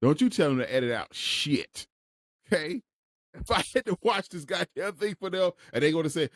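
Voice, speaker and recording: A man riffing on a podcast, his pitch swinging up and down as he talks. He is loud and animated and swears without pause. The close mic sounds dry. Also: dry recording. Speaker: podcast co-host. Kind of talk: casual movie review chat.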